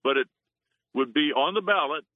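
A male radio caller with a rambling, hesitant manner and a middle-pitched voice. He comes through a thin, phone-like line that sounds dry. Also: expressive, normal speed, no room sound. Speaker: regular caller. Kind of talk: casual call-in talk.

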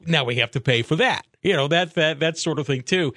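A male talk radio host with a tense, bright voice, pitched a little high for a man. He talks in a sarcastic, emphatic way, and the studio sound is dry and close. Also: a little fast, hardly any pauses, dry recording. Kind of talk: casual opinionated talk radio.

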